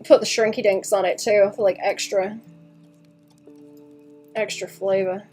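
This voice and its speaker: A young woman streams her drawing work and chats casually with viewers. She mutters quietly to herself while she draws, then bursts into giggles and swears freely. Her pitch sits in the middle range, with faint music behind her. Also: level tone, measured pace. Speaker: artist streaming a drawing session.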